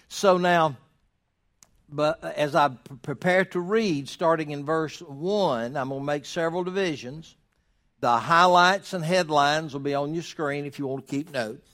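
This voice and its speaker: A man preaching a sermon to his congregation, folksy and emphatic, with sarcastic asides. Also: fairly high pitch. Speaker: pastor.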